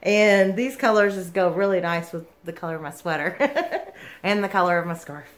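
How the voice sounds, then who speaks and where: A woman, gushing and giggling through an excited yarn unboxing vlog. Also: lowish voice, normal speed. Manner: gushing, giggly, lots of "like" and "oh my goodness". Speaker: yarn vlogger.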